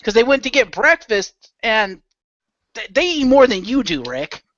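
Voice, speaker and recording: A man's voice: very high-pitched, sing-song, normal speed, fairly bright tone, dry recording, muffled recording. A man chatting casually as a podcast guest, rambling through a story with fillers and swearing. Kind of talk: casual chat.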